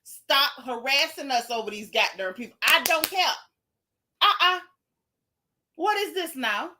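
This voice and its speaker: Exasperated emphatic woman with bright voice. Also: sits high, animated, unhurried. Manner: exasperated, emphatic, dramatic repetition. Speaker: podcast host. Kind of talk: casual livestream rant.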